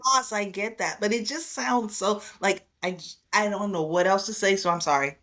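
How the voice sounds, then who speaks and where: A woman hosting a podcast, talking animatedly in casual conversation, often restarting her sentences. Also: medium pitch. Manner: animated, quick to laugh, stammering restarts. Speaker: podcast host.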